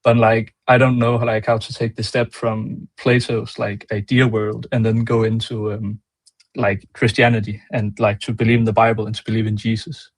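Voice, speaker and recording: Young male caller, Danish accent, flat pitch, dry sound, hesitant and halting. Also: dry recording. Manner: hesitant, fills with "like" and "um".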